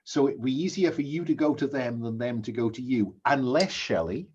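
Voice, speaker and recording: Husky game master on a dull line. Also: male voice, mid-range voice, expressive, moderate pace, darkish tone. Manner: hesitant, asks players questions. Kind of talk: facilitating a tabletop game.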